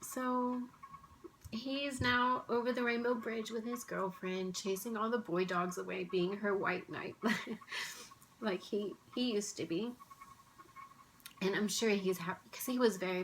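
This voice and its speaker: A woman vlogger, tearful and emotional, speaking softly and haltingly in casual chat at home. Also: medium pitch, steady tone, gravelly, slight background noise, low-quality recording. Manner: soft-spoken, halting, with restarts and sighs.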